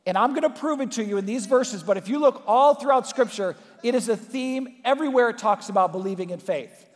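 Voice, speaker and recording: A man preaching a sermon in earnest, dropping to soft, slow emphasis on key lines. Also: very high voice. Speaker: pastor. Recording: long reverb in a large hall.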